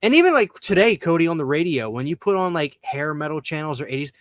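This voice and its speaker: A man's voice: fairly high pitch, very animated, fast talker, fairly bright tone, no room sound. A man hosting a podcast in casual chat, ranting bluntly and emphatically with plenty of profanity. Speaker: podcast host.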